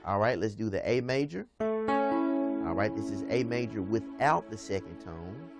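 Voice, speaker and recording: Piano teacher, male, low-pitched, patient and repetitive, piano heard behind. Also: expressive, measured pace. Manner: patient, repeats steps, ends phrases with "okay?". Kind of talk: piano lesson. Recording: piano playing under the voice. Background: piano music.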